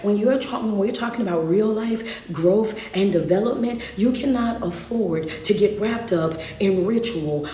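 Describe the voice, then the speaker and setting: A woman's voice: medium pitch, dark tone, slight background noise. A woman giving a live-streamed motivational talk, preaching in a call-and-response way and speaking straight to her viewers. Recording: echoey room.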